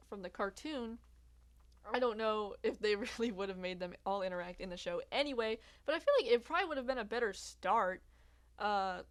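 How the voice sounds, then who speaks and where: A young woman reviewing a TV series in casual chat, laughing often and talking in loose asides full of fillers. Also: mid-range voice. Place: outdoors in bright sunlight.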